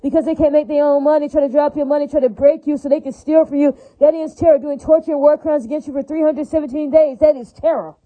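A woman's voice: sits high, steady tone, quick pace, few pauses, dark tone, low-quality recording. A woman in an angry, profane monologue rant, repeating the same warnings again and again. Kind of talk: ranting monologue.

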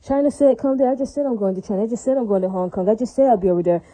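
A woman delivering a rambling solo monologue at a quick clip. Her voice is very dark and mellow. She keeps repeating herself, drops in religious asides and checks that her listeners follow. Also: mid-range voice, poor audio. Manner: frequent religious interjections.

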